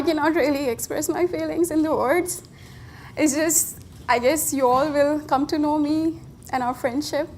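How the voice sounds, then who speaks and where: A woman's voice: sits high, steady tone, darkish tone, a little hiss or hum. Nervous Indian woman giving a wedding toast. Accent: Indian English. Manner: nervous, halting, with many restarts. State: emotional. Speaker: bride's best friend giving a toast. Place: wedding reception.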